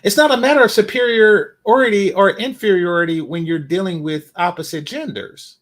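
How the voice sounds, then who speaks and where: A man's voice: high-pitched, normal speed, a bit bright. A man doing reaction commentary in a blunt, profane, emphatic way.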